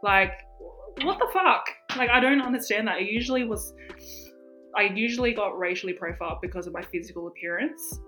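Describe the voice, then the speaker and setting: A young woman, co-hosting a podcast and telling stories in a casual, animated way, full of fillers and swearing. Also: mid-range voice, fast, soft background music. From Australia. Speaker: podcast co-host. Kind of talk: casual chat.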